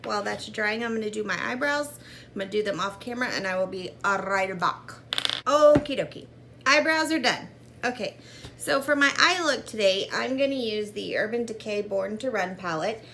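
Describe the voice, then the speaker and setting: A woman's voice: mid-range voice, normal speed, gravelly, pushed and bright, slight background noise. A woman vlogging a casual makeup tutorial at home, chatting upbeat about each product as she goes. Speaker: beauty vlogger.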